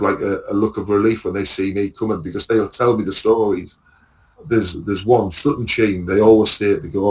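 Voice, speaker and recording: A man, a lorry driver chatting casually and telling animated stories, acting out the other people's lines and swearing freely. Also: lowish voice, poor audio. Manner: animated storytelling, acts out dialogue, swears freely. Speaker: lorry driver and podcast guest. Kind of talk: casual chat.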